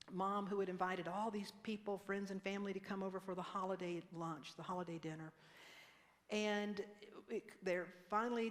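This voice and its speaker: A woman's voice: medium pitch, in a large hall. A woman minister giving a conversational sermon, leading the congregation in responses and laughing at herself. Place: church sanctuary.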